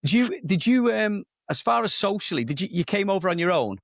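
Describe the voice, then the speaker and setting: A man's voice: sits high, expressive, fairly quick, vocal fry, no room sound, studio quality. A man from England hosting a podcast, asking curious questions in casual chat. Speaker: podcast host.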